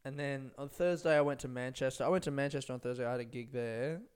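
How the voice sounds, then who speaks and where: A man's voice: mid-range voice, steady tone, fast, clean tone. A young man, a stand-up comedian, rambling laid-back through a casual solo podcast on a close microphone, swearing often.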